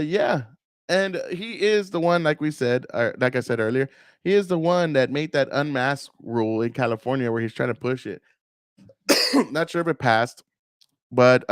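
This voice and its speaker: A man's voice: a little high, no echo, studio quality. A man hosting a casual political rant, profane and rambling, often mocking the people he talks about. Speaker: political commentary host.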